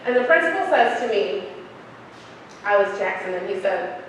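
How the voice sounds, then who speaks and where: Telling a personal story to a crowd at normal speed, a young woman with a medium-pitched voice brings it to life by performing each character's voice. The audio comes from a distant mic in an echoey hall, with faint noise.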